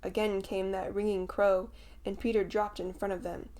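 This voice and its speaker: A woman narrates a classic children's tale in a measured, expressive reading voice. Her pitch sits in the middle range, and her delivery is steady. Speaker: audiobook narrator. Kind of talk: scripted storybook narration.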